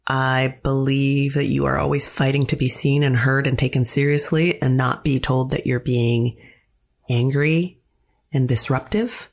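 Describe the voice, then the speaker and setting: A woman playwright being interviewed, telling stories in a lively way and acting out the quotes. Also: very deep voice, unhurried. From Canada. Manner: animated storyteller who acts out quotes. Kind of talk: casual interview talk.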